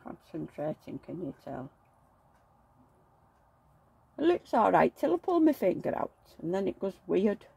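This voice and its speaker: A woman's voice: on the low side, big pitch swings, unhurried, gravelly, long pauses, mellow, slightly rough. A woman who chats bluntly while she works, talking fondly to her dolls and grumbling about her neighbours. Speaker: doll collector vlogger. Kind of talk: chatty running commentary while working.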